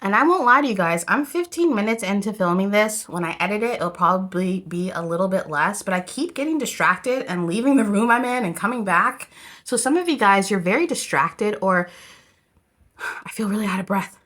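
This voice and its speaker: A woman with a bright, clear voice talks casually to camera through a tarot spread. Her delivery is loose and rambling, and she keeps turning to her viewers as a group. She sits close to the camera mic. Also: medium pitch, lively intonation, brisk. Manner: chatty, rambling, addresses viewers as "you guys". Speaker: tarot reader.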